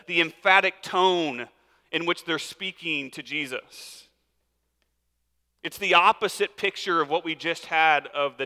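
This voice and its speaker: Bright-voiced man preaching in a reverberant hall. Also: fairly high pitch. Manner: casual, conversational preaching with many fillers. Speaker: pastor. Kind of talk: sermon.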